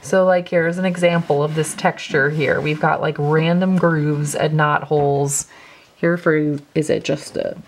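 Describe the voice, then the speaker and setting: A woman's voice: low-pitched, steady tone, measured pace, a little hiss or hum. A woman chatting casually in a home vlog, thinking aloud with lots of "like" as she paints her living room. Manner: hushed at night. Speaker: homestead vlogger.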